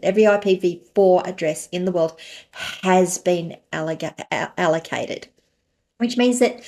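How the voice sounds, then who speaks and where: A woman's voice: medium pitch, a little mellow. A woman hosting a solo podcast, explaining technical terms in a conversational way with everyday analogies. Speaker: podcast host.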